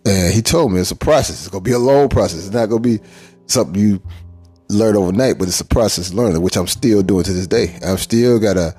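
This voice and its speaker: Male podcast host, husky, reflective monologue, emphatic with restarts, faint music bed. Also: fairly low pitch, fast, warm tone. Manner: candid, rambling, emphatic, with frequent restarts.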